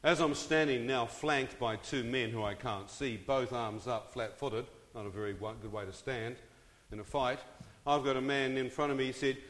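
In a long-reverb hall, a man with a mid-range, fairly bright voice tells his testimony at a normal speed. He draws in the live audience by asking questions and cracking jokes.

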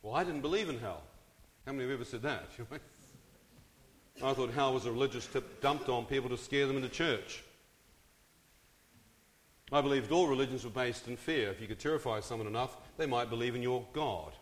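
This man's mid-range voice moves at a moderate pace, broken by long pauses, as he relates his testimony to a live audience. He works the room with questions and humor, and the hall echoes with long reverb.

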